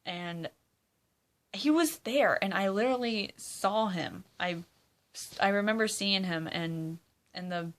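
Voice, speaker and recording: An eighteen-year-old woman talking through a casual question-and-answer vlog at an unhurried pace. Her pitch is middling. She rambles easily, swears freely, laughs often and leans on "like" a lot. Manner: chatty, swears, laughs often, many "like" fillers. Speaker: YouTuber answering fan questions.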